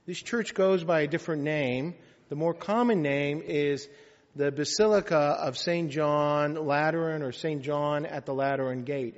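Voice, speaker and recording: A man, a priest, reading scripture and preaching in a measured, solemn manner. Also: on the high side. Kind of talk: liturgical reading and homily. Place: church. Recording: echoey church, slightly dull sound.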